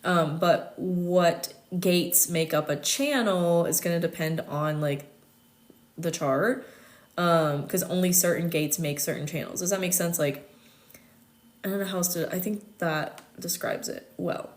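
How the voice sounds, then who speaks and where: Hosting a laid-back livestream, a young woman from the United States chats with an American accent, laughing often and filling her speech with fillers. Her voice is on the low side, and she keeps a measured pace.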